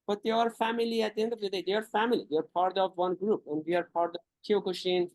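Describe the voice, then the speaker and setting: A male guest who searches for his words, speaking in halting phrases with frequent restarts. His voice is recorded dry and close, with no room sound. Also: high-pitched, fairly even intonation, a little mellow, no room sound, low-quality recording. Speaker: karate instructor guest. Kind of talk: conversational interview.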